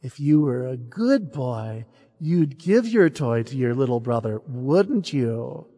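A man voicing a mother who gently coaxes her small son to share his toy. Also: mid-range voice, lively intonation, takes it slowly, husky, big-room sound, voice pushed down, heavily acted. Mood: coaxing. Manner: coaxing, gently firm.

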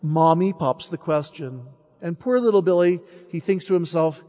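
A man preaching a mission sermon who tells a story in an animated way and acts out its characters. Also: on the high side, normal speed, few pauses, long reverb tail.

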